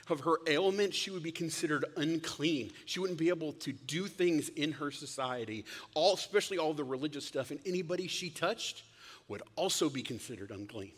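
A male pastor giving a casual, conversational sermon, lively and acting out the lines he quotes. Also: fairly high pitch, normal speed. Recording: long hall reverb.

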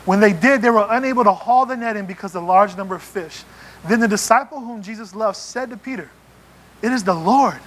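A man preaching a sermon in a church, animated and playful, acting out little scenes as he goes. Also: high voice, fast. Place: church sanctuary.

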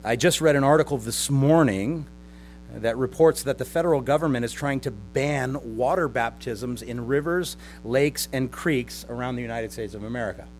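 A man's voice: mid-range voice, normal speed, faint music behind. Chuckling man preaching a sermon. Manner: conversational, with mocking sarcastic impressions and chuckles. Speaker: pastor. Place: church service with a live congregation.

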